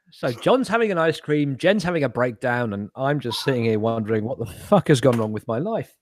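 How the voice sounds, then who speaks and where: A man's voice: mid-range voice, expressive, normal speed, dry recording. A man hosting a casual chat show over a video call, rambling, swearing and laughing at his own jokes. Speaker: host.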